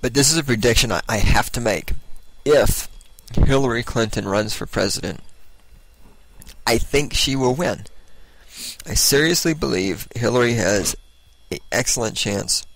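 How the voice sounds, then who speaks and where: A man's voice: medium pitch, animated, measured pace, creaky, fairly bright tone, no echo, poor audio. A man giving a blunt, sarcastic political monologue as host, laughing at his own jokes.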